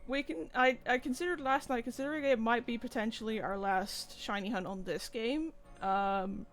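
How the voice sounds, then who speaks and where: A man's voice: extremely high pitch, normal speed, a bit bright. A man co-hosting a game stream, talking in a rambling, easygoing way full of fillers. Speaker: co-host streamer. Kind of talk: casual gameplay chat.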